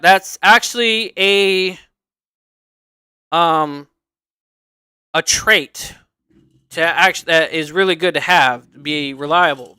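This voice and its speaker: A man hosts a livestream, chatting in a casual, unscripted, earnest way and rambling back to repeat his points. His voice is a little high and bright with a forceful tone, recorded clean with no echo.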